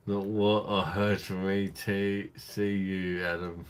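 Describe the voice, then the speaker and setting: A man's voice: low voice, a little hiss or hum. A tipsy man hosting a late-night live stream, talking in crude, rambling, affectionate chat to his viewers.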